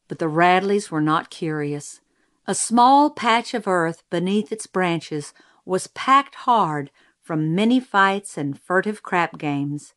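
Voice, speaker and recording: A woman reading a first-person novel aloud in a measured storytelling manner. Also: medium pitch. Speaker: audiobook narrator. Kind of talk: scripted first-person narration.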